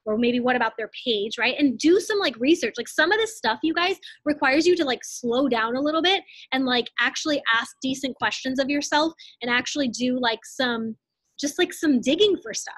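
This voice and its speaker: Young woman team coach, bright high register, blunt and breezy, dry webcam sound. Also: lively intonation, no room sound. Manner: fast casual, many "like"s, blunt asides. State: out of breath. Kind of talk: live online team training.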